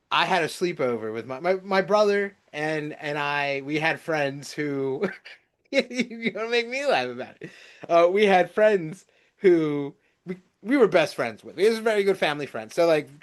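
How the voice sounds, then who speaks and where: Male podcast co-host, somewhat high voice, giggly, stop-start storyteller. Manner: laughs while telling stories, halting restarts. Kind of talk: casual storytelling chat.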